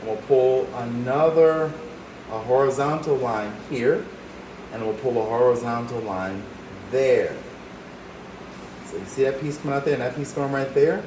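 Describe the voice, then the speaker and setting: Upbeat art teacher in an echoey room. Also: male voice, medium pitch, moderate pace, background noise. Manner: encouraging, talks while drawing step by step. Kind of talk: drawing demonstration. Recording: roomy echo, faint ambience.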